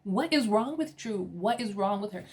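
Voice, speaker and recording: A woman recapping a reality TV episode in a casual, sassy and animated way, with slang and laughter. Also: medium pitch, normal speed. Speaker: TV episode reviewer.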